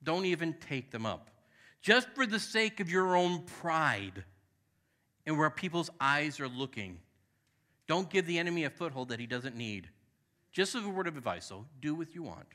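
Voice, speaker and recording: A man from New England preaches in a church, his voice bright and forceful and set a little above the usual male pitch. He is emphatic and conversational, urging the congregation along and mixing in frank, self-deprecating asides. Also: lively intonation, a little fast. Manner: tells personal stories with candid, self-deprecating asides. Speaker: pastor. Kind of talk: sermon. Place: church sanctuary.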